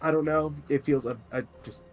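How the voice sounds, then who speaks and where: A man's voice: a little high, steady tone, brisk. A man player in a tabletop game, speaking hesitantly and hedging his opinions. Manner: hesitant, hedging, soft-spoken. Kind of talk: tabletop role-play chat.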